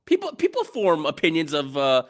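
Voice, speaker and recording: A man's voice: fairly high pitch, huge pitch swings, fairly quick. A man in casual podcast chat who talks hesitantly, restarting and searching for words.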